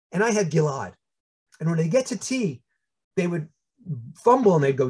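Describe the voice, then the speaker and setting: An older man with a New York accent tells stories with plenty of humor, and his pitch swings widely as he goes. His voice is a bit husky. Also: moderate pace, long pauses. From United States. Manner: animated, humorous storytelling with voiced asides. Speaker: speaker. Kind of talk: storytelling talk.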